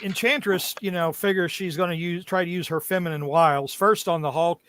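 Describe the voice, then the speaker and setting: A man's voice: sits high, steady tone, a bit bright, slight background noise. A young man recapping comic book issues in casual chat, joking and stopping often with fillers. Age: young adult. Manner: jokey, halting with many fillers. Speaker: podcast co-host.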